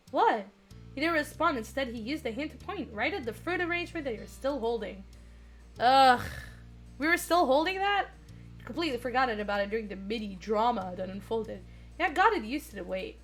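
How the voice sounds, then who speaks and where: A young woman streaming, reading a dating game aloud and chatting with viewers, excitable with squealing laughs. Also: sits high, brisk, faint music behind.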